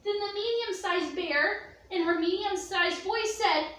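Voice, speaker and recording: A woman telling a children's story to young listeners in an expressive, slow storytelling manner, recorded in an echoey room from a distance. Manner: expressive, slow, with gasps and sweeping pitch. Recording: echoey room, distant mic, faint ambience.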